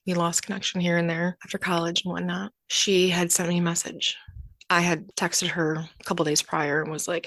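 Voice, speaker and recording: A young adult woman talks through a personal story on her podcast, candid and chatty, slipping into the voices of the people in her story. Her voice sits a little low. The sound is dry and close, with no room around it. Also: level tone, moderate pace, fairly bright tone, dry recording. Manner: candid and conversational, acting out quoted exchanges. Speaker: podcast host.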